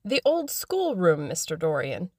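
A woman's voice: a little high, expressive, a little slow, vocal fry, no echo, clean studio sound, pitched above the performer's own voice, exaggerated voice. A woman reading an audiobook, voicing a fussy elderly housekeeper who frets and scolds. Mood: fussing. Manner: fretful, scolding.

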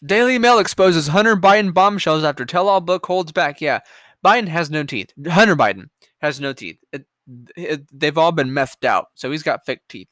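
Profane, sarcastic man with lively pitch. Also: normal speed, no echo. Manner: profane, sarcastic, mocking asides. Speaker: podcast host. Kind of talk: solo commentary reading headlines.

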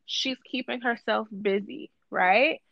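Woman guest co-host, casual podcast chat, emphatic, gravelly, dry lo-fi sound. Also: a little high, slow pace, dry recording. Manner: emphatic, repeats phrases for stress.

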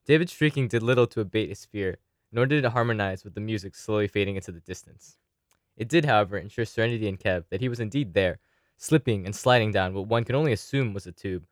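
Low-voiced man reading a story aloud. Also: no echo, studio quality. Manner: reads aloud, breaks into laughter, voices characters loosely. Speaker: podcast co-host reading a collaborative story. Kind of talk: casual read-aloud storytelling with laughs.

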